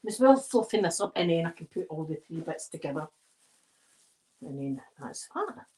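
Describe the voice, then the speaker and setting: A woman's voice: low voice, very animated, normal speed, warm tone. Chatty Scottish woman rambling. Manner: rambling, digressive storytelling. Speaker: ASMR video creator. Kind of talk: casual chat while decorating a tree.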